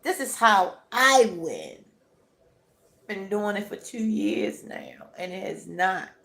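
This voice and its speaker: A woman's voice: mid-range voice, a bit bright. A woman giving an emphatic motivational talk to camera while crying, often checking in with "right?". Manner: emphatic, repetitive, keeps asking "right?". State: tearful, crying while talking. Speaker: vlogger.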